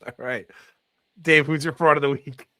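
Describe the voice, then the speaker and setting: A man's voice: fairly high pitch, fairly even intonation, moderate pace, bright, forceful tone, no room sound. A man co-hosting a casual podcast, telling stories in a laid-back, chuckling way. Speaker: podcast co-host.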